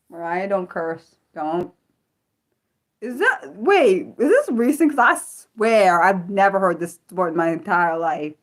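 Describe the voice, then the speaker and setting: An American woman chats through a casual livestream in a lively voice that swings high and low. She talks excitably, breaks off her sentences to start again, and blurts out exclamations and the odd curse. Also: measured pace. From United States. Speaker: livestream host. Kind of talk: unscripted livestream chat reading viewer comments.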